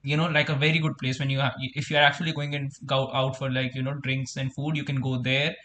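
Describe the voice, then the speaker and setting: Easygoing Indian man, bright voice. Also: medium pitch, little pitch movement. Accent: Indian English. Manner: easygoing, filler-heavy, unhurried. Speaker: co-host, reads chat. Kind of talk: casual live watchalong chat.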